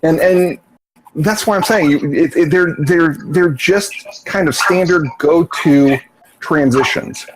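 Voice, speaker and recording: A man's voice: a little high, takes it slowly, background noise. A man coaching a student over an online voice chat, explaining at length and often restarting his words. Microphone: online voice chat mic.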